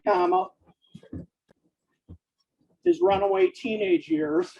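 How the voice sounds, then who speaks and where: A man dictating fiction aloud, speaking each punctuation mark in a slow, deliberate way. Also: very high-pitched, sing-song, creaky, darkish tone, dull audio, slight background noise. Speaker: author dictating a novel.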